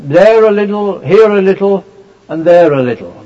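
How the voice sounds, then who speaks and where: A man preaching a sermon, explaining scripture in a measured way with many fillers and restarts. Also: high voice, animated, mellow. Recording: dull lo-fi recording.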